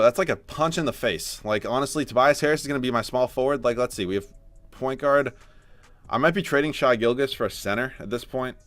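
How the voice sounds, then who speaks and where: A man's voice: mid-range voice, fairly bright tone, dry recording. Young man in dry close-mic game commentary. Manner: frustrated and self-mocking, swinging to forced cheer. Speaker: gaming YouTuber.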